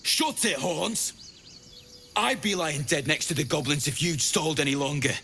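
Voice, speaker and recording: An actor playing a rough male adventurer who talks in a gruff, contemptuous way. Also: a little high, animated, moderate pace, bright, forceful tone, a little hiss or hum, exaggerated voice. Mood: sneering.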